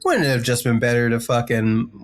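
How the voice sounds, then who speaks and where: A man co-hosting a podcast, chatting casually and excitedly, swearing freely and trailing into fillers. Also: mid-range voice, fairly quick. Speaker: podcast co-host. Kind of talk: casual chat about music.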